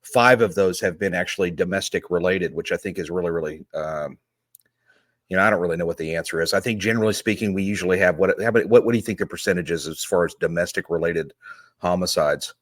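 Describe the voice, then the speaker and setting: Middle-aged male host, low-pitched, rambling and friendly, greets viewers by name. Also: fast, a bit bright, no echo. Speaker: homicide detective. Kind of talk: casual live-stream chat.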